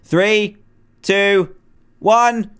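A man's voice: high voice, steady tone, extremely slow, fairly bright tone, smooth. A man talking playfully and chattily as he plays through a video game adventure. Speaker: gaming video creator.

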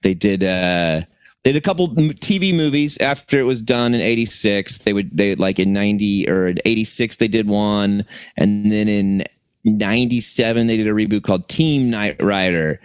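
Low-ish guy rambling on a podcast, dry mic, lots of uhs and restarts. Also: moderate pace, smooth, dry recording. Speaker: podcast co-host. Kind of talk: casual chat.

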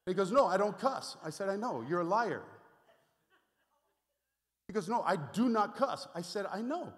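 A man preaching a sermon as pastor, animated and conversational, with asides and repeated phrases. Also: sits high, moderate pace. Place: church sanctuary. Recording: reverberant hall.

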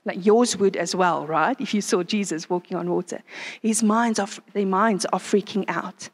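A woman preaching at a conference in an animated way, often asking her listeners rhetorical questions. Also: mid-range voice, moderate pace, in a large hall. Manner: animated, asks the crowd frequent rhetorical questions. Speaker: conference speaker. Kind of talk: sermon. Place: conference venue.

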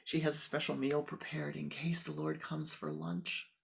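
A woman spiritual teacher telling a parable in a dharma talk, animated and dropping often into hushed whispered asides. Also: sits low, normal speed, creaky, low-quality recording.

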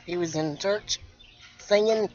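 A woman's voice: mid-range voice, a little slow, darkish tone, lo-fi sound. A woman vlogger chatting casually outdoors with her mother, laughing often as she tells stories. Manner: giggly, laughs often while telling a story. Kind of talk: casual chat.

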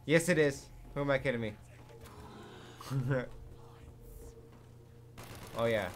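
A man giving live commentary over a zombie game, excitable and jumpy, swearing often and laughing at his own jokes. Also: mid-range voice, slight background noise. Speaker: gaming commentator.

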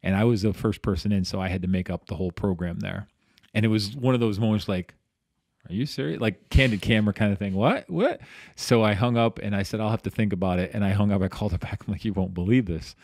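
Speaking quickly in a lowish voice, a middle-aged man who works as a physical therapist shares stories as a podcast guest. He acts out quoted voices with animation and frequently starts over mid-thought, captured in echo-free studio quality.

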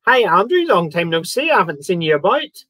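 A man's voice: sits high, sing-song, a little fast, sharp tone, no echo. A man hosting a live online quiz, chatting with viewers and joking between questions. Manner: chatty, reads out viewer comments and jokes around. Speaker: quiz host. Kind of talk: live-streamed quiz chat.

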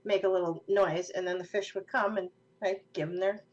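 A woman's voice: lowish voice, fairly even intonation, fairly quick, lo-fi sound. A woman from Minnesota telling a funny story in casual chat, laughing often as she talks. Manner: giggly, laughs through her stories. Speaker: podcast co-host.

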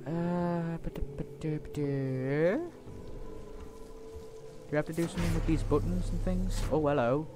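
A man giving chatty, playful let's-play commentary, breaking into loud excited outbursts. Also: fairly high pitch, brisk, few pauses, background noise. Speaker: gaming YouTuber.

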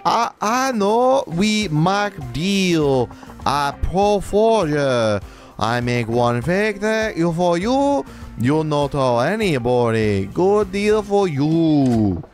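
A jittery forger in a fan-dubbed game, put on by a man. He talks in broken English with a heavy put-on accent. His voice jumps around, high and lively. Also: extremely slow, faint music behind, heavily acted. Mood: panicky pleading. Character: nervous middle-aged male forger, broken English.

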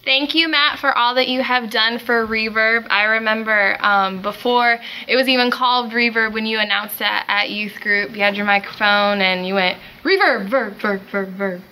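A woman recalls youth-group days as she thanks her pastor in a chatty way. Her tone is bright, and a faint room hiss runs under her voice. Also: a little high, fairly even intonation, normal speed, few pauses, low-quality recording. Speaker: youth ministry volunteer.

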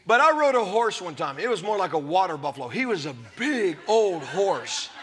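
A man in his fifties preaching a sermon to a live congregation, emphatic and often shouting, with jokey storytelling. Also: high voice, sing-song, normal speed, breathy edge. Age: 50s. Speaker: pastor. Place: church service before a live congregation.

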